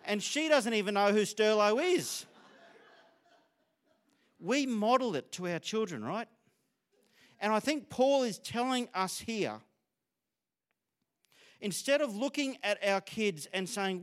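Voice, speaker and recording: Australian male preacher, middle-aged, high-pitched, chatty and anecdotal from the pulpit. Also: lively intonation, slow pace, long pauses. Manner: conversational, storytelling, self-disclosing. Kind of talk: sermon.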